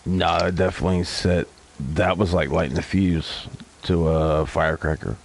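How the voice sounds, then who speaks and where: A man's voice: low voice, steady tone, moderate pace, creaky. A man hosting a casual podcast chat, telling stories with frequent swearing. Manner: profane, storytelling. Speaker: podcast host.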